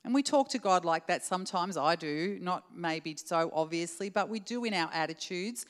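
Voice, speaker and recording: A woman's voice: on the low side, expressive, moderate pace, long reverb tail. A woman preacher giving an earnest, conversational sermon and prayer to her church, speaking directly to the congregation. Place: church hall.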